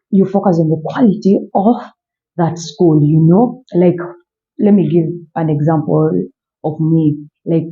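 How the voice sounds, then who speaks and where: Dark-voiced man teaching basics. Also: on the high side. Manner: friendly, repetitive, addresses viewers as guys. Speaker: language vlogger teaching French. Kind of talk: casual teaching vlog. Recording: dull lo-fi audio.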